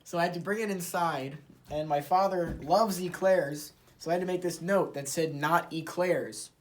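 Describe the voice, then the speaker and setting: A man's voice: high-pitched, moderate pace, a little hiss or hum. A young man hosting a casual workshop vlog in his shed, easygoing and thinking aloud with fillers. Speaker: channel host.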